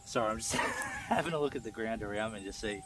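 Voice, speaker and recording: A man vlogging while prospecting outdoors on the goldfields, keeping his voice low with breathy exclamations. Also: brisk, noisy background. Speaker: gold prospector.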